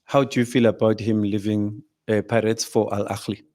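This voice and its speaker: A man's voice: fairly low pitch, moderate pace. A man with a South African accent hosting a casual football chat, telling stories and asking pointed questions. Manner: lively storyteller, asks pointed questions, laughs along. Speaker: show host.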